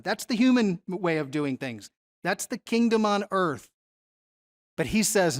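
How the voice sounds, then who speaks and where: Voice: mid-range voice, very animated, measured pace, long pauses. A Bible teacher giving a conversational Bible study lesson, often putting questions to the audience.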